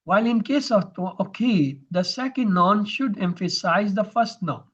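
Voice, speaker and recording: High-voiced man teaching grammar online. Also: measured pace, fairly bright tone, breathy edge, highs cut off. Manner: methodical, explains terms step by step.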